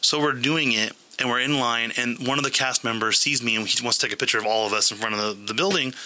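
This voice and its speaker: A man with a very bright, forceful voice talks in a relaxed podcast chat. He tells a long story in an animated way, with plenty of ums and restarts. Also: mid-range voice, quick pace, low-quality recording. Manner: animated storytelling with many fillers. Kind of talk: casual chat.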